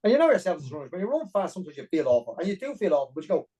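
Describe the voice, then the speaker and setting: A middle-aged Irish man telling a long personal story as a podcast guest, animated and full of detail. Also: high-pitched, husky, rough recording. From Ireland. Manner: animated, fast-paced anecdotal storytelling. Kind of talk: storytelling interview.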